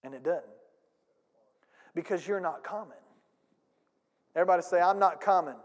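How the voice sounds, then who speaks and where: A pastor preaching a sermon with emphatic delivery, calling on the congregation to repeat lines and acting out little scenes. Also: male voice, sits high, normal speed, big-room sound. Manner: emphatic preaching with audience call-and-response and acted-out anecdotes. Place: church sanctuary.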